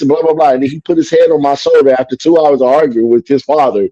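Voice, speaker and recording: A man from Chicago tells a personal story in an easy, casual way, acting out the lines people said and filling in with "you know." His voice is warm and mellow. The recording is dry and slightly muffled. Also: fairly high pitch, fast talker, hardly any pauses, no echo. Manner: acts out dialogue, lots of "you know".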